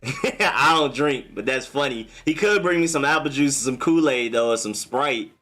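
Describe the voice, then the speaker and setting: A young man hosting a casual live stream. He reacts to viewer comments in a relaxed, chatty way and enunciates carefully in his broadcaster voice. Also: mid-range voice, normal speed. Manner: relaxed, chatty, answers chat comments one by one. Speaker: livestream host.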